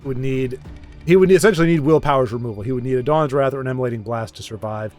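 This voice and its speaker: A man's voice: medium pitch, fast, darkish tone, soft background music. A man casually commentating a card game match, chatty and self-deprecating, rambling with frequent restarts.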